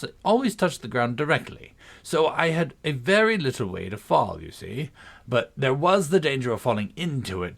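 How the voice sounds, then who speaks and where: A man's voice: a little high, a bit bright, voice pushed up, full character voice. A man reading a storybook, voicing a clumsy, earnest old knight who rambles on solemnly about his inventions.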